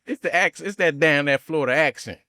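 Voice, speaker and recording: A man co-hosting a podcast in casual chat, easygoing and quick to laugh. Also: fairly high pitch, bright, forceful tone, dry recording, clean studio sound. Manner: laid-back, easygoing, laughs often. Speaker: podcast co-host.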